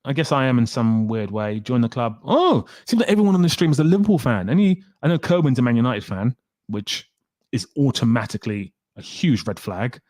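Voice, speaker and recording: A man's voice: medium pitch, lively intonation, a little fast, a little mellow, dry recording, studio quality. A young man chatting casually on a live stream, reading out and reacting to viewers' comments with wry humor.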